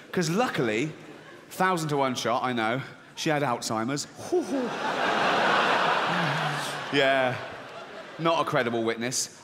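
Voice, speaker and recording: A middle-aged man doing stand-up comedy, deadpan and swearing, acting out squeaky voices in a theater. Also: in a large hall, slight background noise. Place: large theater with audience. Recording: live theater, audience laughter.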